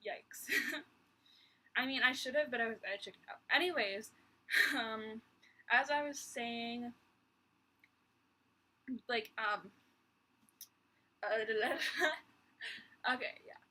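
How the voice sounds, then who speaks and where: A woman's voice: fairly high pitch, very slow, pauses often, pushed and bright, poor audio. A young woman vlogging from her bedroom in a rambling, exasperated chat full of sighs and little laughs. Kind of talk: casual chat.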